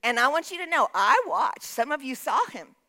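A woman's voice: high-pitched, animated, moderate pace, sharp tone. A woman pastor preaching a sermon in a church, emphatic, calling out to the congregation for responses. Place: church sanctuary.

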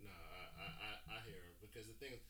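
A man from New York with a New York accent, talking casually in a halting way that repeats words. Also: on the low side. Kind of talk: casual chat. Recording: distant echoey mic with faint noise.

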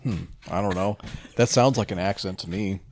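Laid-back man with a gravelly low voice. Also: moderate pace, a little hiss or hum. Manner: laid-back, short replies, easy laughs. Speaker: podcast co-host. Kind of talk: casual chat.

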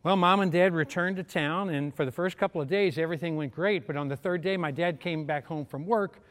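Middle-aged man delivering a sermon story in a fairly high voice, acting out each character; recorded in a reverberant hall. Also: a little fast. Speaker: preacher.

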